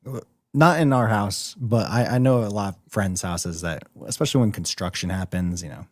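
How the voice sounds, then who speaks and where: A man's voice: fairly low pitch, normal speed, no room sound. Male podcast co-host, easygoing and conversational, recorded dry. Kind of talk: casual chat.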